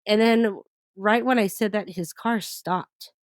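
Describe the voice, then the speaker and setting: Animated woman telling a personal story. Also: mid-range voice, takes it slowly, no room sound. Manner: animated, laughs often while telling. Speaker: interview guest.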